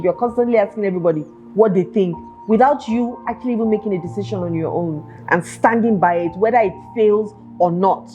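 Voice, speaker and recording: A woman's voice: medium pitch, fairly quick, hardly any pauses, mellow, dull audio, soft background music. A woman hosting a self-help talk show, earnestly asking her listeners one rhetorical question after another. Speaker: podcast host.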